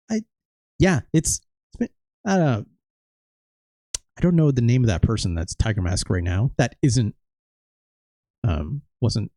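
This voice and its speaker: A man's voice: medium pitch, creaky, darkish tone, no room sound. A man hosting a let's play, chatting casually and rambling with jokes and laughter over gameplay. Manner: rambling, joking, laughs often.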